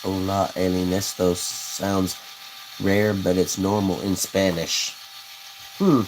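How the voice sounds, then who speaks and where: A man's voice: low-pitched, fairly even intonation, takes it slowly, noisy background. A man who hosts a livestream while he builds custom fishing rods. He talks in a rambling, folksy way, reads viewer comments and laughs at his own stories. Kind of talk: casual livestream chat, reading comments.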